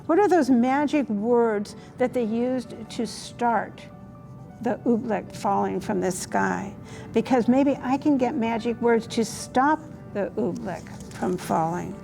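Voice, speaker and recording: A pleading, apologetic storybook king, read aloud by an older woman in a gently acted voice. The voice is slow and a touch high, with a gravelly edge. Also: faint music behind. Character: remorseful, sobbing storybook king, male adult.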